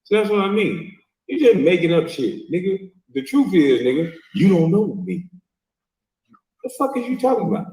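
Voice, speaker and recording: A man's voice: sits high, big pitch swings, moderate pace, mellow, distant mic. A middle-aged man hosting a livestream, ranting and mocking in a profane, scolding way. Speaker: livestream host. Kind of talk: heated reaction rant. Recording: echoey, from off-mic.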